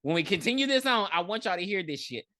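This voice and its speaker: Woman podcast co-host, blunt and profane, animated lower voice, bright tone. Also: fast talker. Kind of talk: casual movie review chat.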